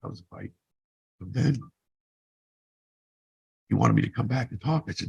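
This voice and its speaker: A man's voice: medium pitch, moderate pace, vocal fry, pauses often, a little mellow, husky, dull audio. A man in his fifties who vlogs, telling his own story in a blunt, profane, rambling way. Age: 50s. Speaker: vlogger. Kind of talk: casual personal storytelling.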